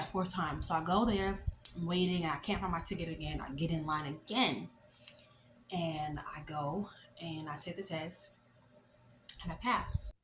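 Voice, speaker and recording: A woman in her late twenties telling a story in a casual, animated, chatty way, full of fillers. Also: low voice, noisy background. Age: late 20s. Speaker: vlogger. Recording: echoey room with faint ambience.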